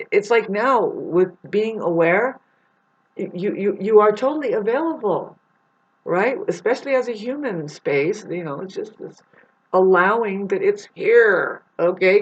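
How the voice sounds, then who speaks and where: Rambling woman on a lo-fi recording. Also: mid-range voice. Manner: rambling, profane, swings from soft to loud. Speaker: vlogger. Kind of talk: rambling spiritual monologue.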